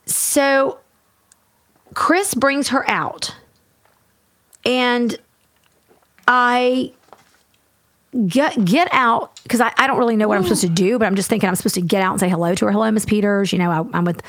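A woman co-hosting a podcast, telling a story in a lively casual way and acting out what everyone said. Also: fairly high pitch, dry recording. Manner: animated, fast, acts out everyone's lines. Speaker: podcast co-host.

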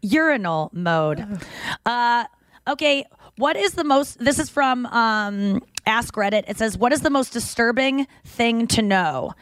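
In a makeshift home studio, a woman hosts a podcast with a casual, chatty feel, cursing freely and acting out the people in her stories with voiced quotes. Her voice sits on the high side, with a measured pace, a fairly bright tone and no echo.

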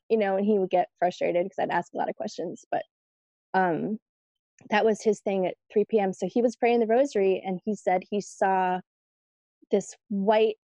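A woman guest telling stories in a casual interview, chatty and lively when she quotes her family. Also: mid-range voice, dry recording, dull audio. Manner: chatty, animated when quoting family, laughs easily.

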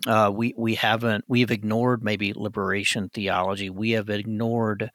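Male podcast host, deep-ish voice, dry close sound, reflective, restarts a lot. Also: little pitch movement, moderate pace, a bit bright, dry recording. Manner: reflective, appreciative, many restarts. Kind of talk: casual interview conversation.

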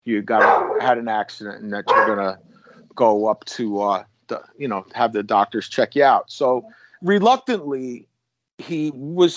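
Rambling ex-cop telling stories, dry audio. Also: male voice, medium pitch, normal speed, dry recording, muffled recording. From United States. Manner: rambling, many restarts, acts out quotes. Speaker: former police officer telling stories. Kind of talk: casual storytelling.

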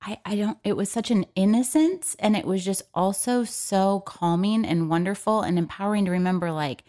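A woman guest on a podcast, talking in an earnest, halting way with lots of fillers in casual chat. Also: mid-range voice, mellow.

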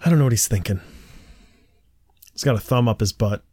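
A man's voice: mid-range voice, fairly quick, mellow, a little hiss or hum. A man co-hosting a podcast, telling jokey, profane stories in a sarcastic way. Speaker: podcast co-host. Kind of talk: comedic podcast chat and storytelling. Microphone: computer mic on a call.

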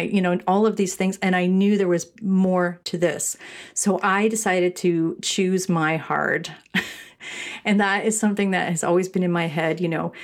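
Rambling Canadian woman podcaster. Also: on the low side. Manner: rambling, with frequent restarts and laughs. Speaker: podcast host and shop owner. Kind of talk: casual solo podcast talk.

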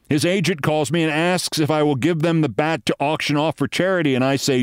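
A man's voice: on the high side, fairly even intonation, fairly quick, hardly any pauses, clear, resonant tone, no echo, clean studio sound. A man, a podcast host telling a wry anecdote and acting out the voices of the people in it. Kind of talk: storytelling monologue.

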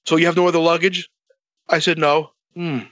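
A man telling a long story in a casual, animated way, swearing a lot and acting out both sides of the dialogue. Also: on the high side, fairly quick, dry recording, lo-fi sound.

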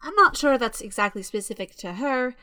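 A woman's voice: a little high, animated, a little fast, sharp tone, no room sound, studio quality. A woman in a comedic audio drama, talking bluntly and with exasperation.

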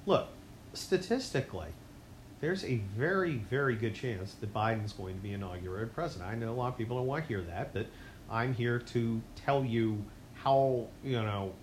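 A man hosting his own show, delivering a rambling, sarcastic political monologue that swings between loud outbursts and low mutters. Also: lively intonation, moderate pace, roomy sound, a little hiss or hum. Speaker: podcast host.

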